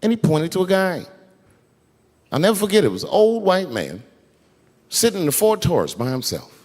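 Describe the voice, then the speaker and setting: A man doing stand-up comedy, telling a story in an animated, profane way. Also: sits high, moderate pace, in a large hall.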